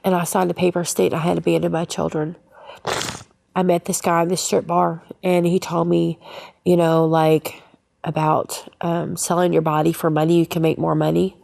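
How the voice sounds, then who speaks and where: A woman shares her personal faith testimony in a low voice. Her tone is gravelly with some fry, and she talks haltingly, often stopping to restart. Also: little pitch movement, darkish tone. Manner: halting, frequent fillers and restarts. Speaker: guest sharing her life story.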